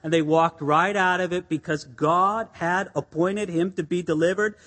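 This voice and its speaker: A man's voice: high voice, steady tone, moderate pace, a bit bright. A man preaching a sermon, earnest and emphatic, asking rhetorical questions and repeating key phrases. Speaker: pastor. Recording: long hall reverb.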